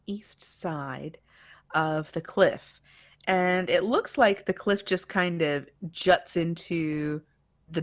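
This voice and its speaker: A woman narrating a tabletop game as game master, describing scenes unhurriedly with fillers like "um". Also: sits low.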